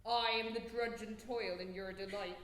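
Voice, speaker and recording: A woman's voice: mid-range voice, steady tone, moderate pace, fairly bright tone, close to an everyday voice. An actress playing a fussy, chattering old nurse on a theatre stage, groaning about her aches. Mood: bustling. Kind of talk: live stage acting. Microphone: distant room mic. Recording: echoey theatre from far off.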